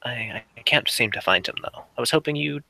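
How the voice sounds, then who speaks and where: A man voicing an elegant, polite older mother in a tabletop game, in a soft, courteous voice close to his own. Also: medium pitch, brisk, vocal fry, no room sound, low-quality recording. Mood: gracious.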